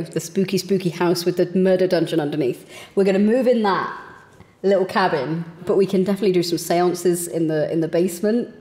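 A young woman streaming a life-sim game, chatting excitedly and talking to her characters as she plays. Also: medium pitch. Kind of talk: casual gameplay commentary.

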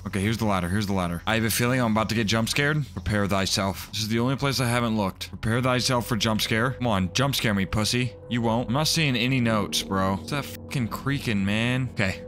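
Bright-voiced young man swearing through a horror game. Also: fairly low pitch. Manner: profane, jumpy, screams at jump scares. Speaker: gaming youtuber. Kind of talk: horror game let's play commentary.

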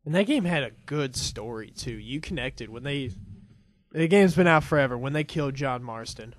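A young man co-hosting a casual podcast, swearing freely and telling animated stories. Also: mid-range voice, normal speed, no room sound. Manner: swears a lot, animated storytelling. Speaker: podcast co-host. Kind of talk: casual chat.

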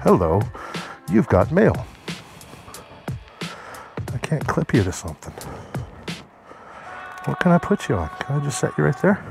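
A man's voice: on the high side, very animated, brisk, vocal fry, pauses often, over music. A man giving casual, jokey, rambling motovlog narration while riding through town and talking to viewers as kids. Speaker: motorcycle vlogger. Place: riding a motorcycle through town streets, later indoors.

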